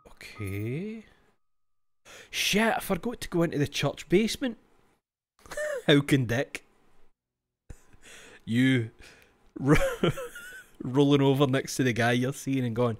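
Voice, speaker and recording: A man's voice: medium pitch, big pitch swings, unhurried, pauses often, soft background music. Give me a Scottish man in his twenties live-streaming a game, swearing and joking as he reads clues aloud. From Scotland. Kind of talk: livestream gameplay commentary.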